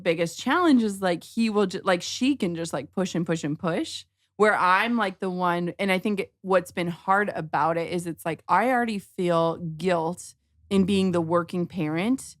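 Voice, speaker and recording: A woman's voice: on the low side, dry recording, studio quality. A woman in her thirties, a guest on a podcast, talking casually with many "like" fillers and acting out bits of dialogue. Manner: chatty, frequent "like" fillers, acts out dialogue. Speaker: guest, author and mother.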